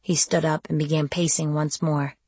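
Woman narrator, low husky voice, dry close sound, measured first-person storytelling. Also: level tone, a little mellow, no echo. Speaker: audiobook narrator.

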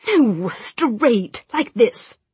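A woman's voice: lowish voice, expressive, slow, husky, dry recording, heavily acted. Woman voicing Gabriel, impatient arrogant young man. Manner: impatient, bored, spiteful.

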